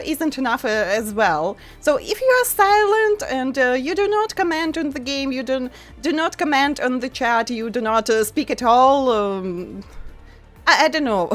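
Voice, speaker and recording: Woman, non-native English accent, casual stream chat, high and animated voice, faint music behind. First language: not English. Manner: chatty, frequent fillers and laughs, reads chat aloud. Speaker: VTuber streamer.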